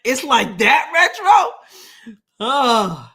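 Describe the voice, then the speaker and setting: Laughing, slow-talking woman streamer. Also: sits high, big pitch swings, pushed and bright, breathy edge. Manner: laughs often, sings playful call-and-response prayer lines. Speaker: live-stream host. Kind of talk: casual live-stream chat.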